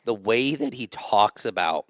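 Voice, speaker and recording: A man's voice: fairly low pitch, expressive, unhurried, no echo, clean studio sound. A man co-hosting a podcast, giving opinionated takes in casual chat with frequent restarts. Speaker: podcast co-host.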